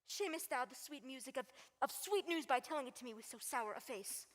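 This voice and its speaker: A woman's voice: sits high, lively intonation, a little fast, a little hiss or hum. A young woman acting an eager, impatient young girl in love in a school stage play. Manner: pleading, impatient. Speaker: high school stage actor. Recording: school hall reverb.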